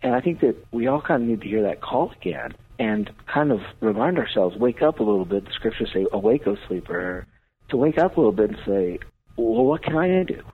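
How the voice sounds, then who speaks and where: A man's voice: on the low side, lively intonation, a little fast, husky. A man, a priest, talking earnestly on a radio talk show with a preaching cadence. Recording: tinny phone-line radio audio.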